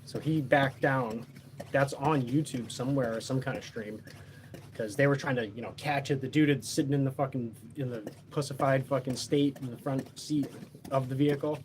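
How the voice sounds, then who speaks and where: A man's voice: mid-range voice, steady tone, normal speed, slight background noise. A man telling a story in a casual, boastful, heavily profane, rambling way.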